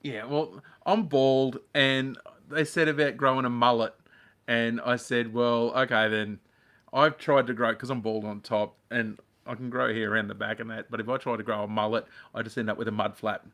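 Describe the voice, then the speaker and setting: A man's voice: mid-range voice, steady tone, moderate pace, a bit bright. A man co-hosting a farm channel live stream from home, chatting casually in a jokey, self-mocking way. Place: home living room.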